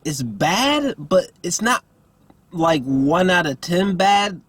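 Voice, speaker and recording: A man with a fairly high, husky voice rants through a casual movie review. He sounds exasperated and swears freely. He stumbles over his words with lots of fillers and restarts. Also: big pitch swings, slow pace, a bit bright, no echo. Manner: exasperated, profane, rambling with many fillers and restarts.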